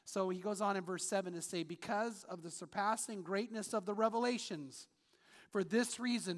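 A man's voice: high-pitched, normal speed, a bit bright. A man preaching a sermon as pastor, earnest and storytelling, reading scripture aloud in a church auditorium. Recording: long hall reverb.

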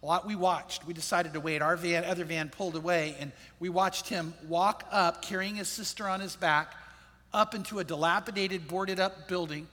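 A middle-aged man, a pastor, telling a personal story in an earnest, reflective way, often dropping his voice low and soft at the sad parts. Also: fairly even intonation, moderate pace, big-room sound.

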